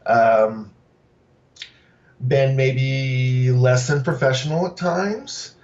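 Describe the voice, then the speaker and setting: A man's voice: medium pitch, extremely slow, darkish tone, far from the mic, muffled recording. A man being interviewed on a podcast about his food truck, talking casually with many fillers and restarts. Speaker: guest, food truck owner.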